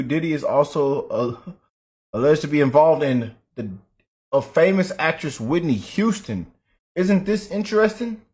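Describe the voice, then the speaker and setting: A man hosting a casual reaction video, chatty and animated. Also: on the high side. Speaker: reaction host.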